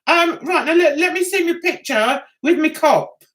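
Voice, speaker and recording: A woman's voice: high voice, expressive, moderate pace, a bit bright. An older woman, hosting a casual livestream chat and rambling with giggles. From England. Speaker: livestream host.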